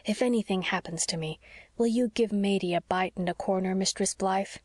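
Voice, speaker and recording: A woman reading as a frail, gentle old sea captain. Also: mid-range voice, fairly quick, dry recording, lightly acted. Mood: tender.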